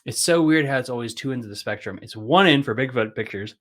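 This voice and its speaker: A man in the middle of the male pitch range chats loosely as a podcast host. He rambles through his points with a steady stream of "like" fillers and curses now and then. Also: fast. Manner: rambling, heavy use of "like" fillers, swears casually. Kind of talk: casual chat.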